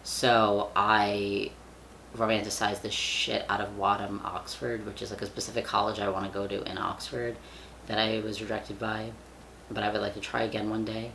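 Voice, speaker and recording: A man's voice: on the low side, level tone, moderate pace, creaky, sharp tone, a little hiss or hum. A young man vlogging in casual chat, rambling with lots of fillers and casual swearing. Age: young adult.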